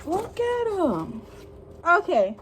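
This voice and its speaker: A woman's voice: very high-pitched, huge pitch swings, very slow, noisy background. A young woman unboxing an album on camera, squealing, gasping and gushing with fangirl outbursts. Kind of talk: excited unboxing commentary.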